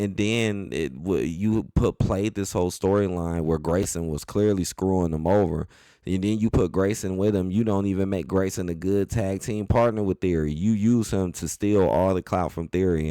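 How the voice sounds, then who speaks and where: A man giving a casual, animated opinion rant as a wrestling commentary host, repeating his points in loose everyday speech. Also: low voice, dry recording, clean studio sound. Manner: animated, repetitive, colloquial.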